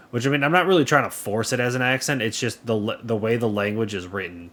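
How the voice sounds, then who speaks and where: A man's voice: medium pitch, fairly bright tone. A man streaming a cowboy game live, chatting casually with viewers in a sarcastic, talkative way. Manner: sarcastic, talkative, reads chat aloud. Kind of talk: casual live gameplay commentary.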